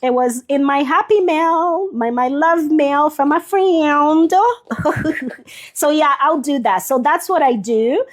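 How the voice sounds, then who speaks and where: A woman's voice: sits high, slow pace. A woman hosting a live journaling stream, chatting casually as she shows her pages and answers viewers by name, a little sniffly. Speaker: journaling livestream host. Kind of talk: casual live craft demonstration.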